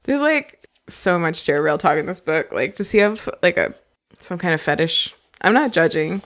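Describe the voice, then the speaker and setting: A woman's voice: lowish voice, lively intonation, moderate pace. A woman hosting a podcast, reading a novel aloud and breaking off with chatty, giggly asides. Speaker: podcast host.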